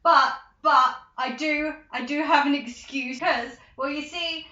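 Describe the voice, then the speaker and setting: An excitable teenage girl, chatting and rambling to her camera in a casual vlog. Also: sits high, unhurried. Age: teens. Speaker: vlogger. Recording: echoey room, dull lo-fi sound.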